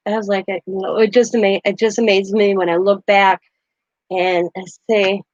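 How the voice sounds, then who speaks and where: A woman's voice: medium pitch, level tone, normal speed, dry recording, lo-fi sound. A middle-aged woman hosting a crafting channel, chatting casually and animatedly as she tells a story, laughing as she goes.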